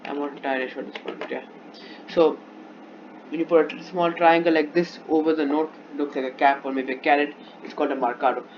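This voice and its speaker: A man's voice: on the high side, fairly even intonation, a little fast, slight background noise. A man teaching a music theory lesson off the cuff, often restarting and repeating himself while he demonstrates. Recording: dull lo-fi recording with instrument playing.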